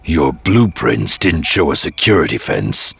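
A man's voice: extremely low pitch, very animated, measured pace, vocal fry, a bit bright, breathy edge, dry recording, exaggerated voice. A man voicing a grim, wary male Sith warrior who speaks in a clipped growl. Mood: tense.

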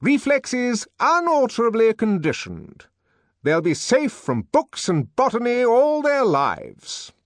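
A man voicing a pompous middle-aged male director in an audiobook, issuing loud, commanding, triumphant pronouncements. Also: very high voice, huge pitch swings, slow pace, no echo, voice pushed up, exaggerated voice. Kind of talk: audiobook character voice.

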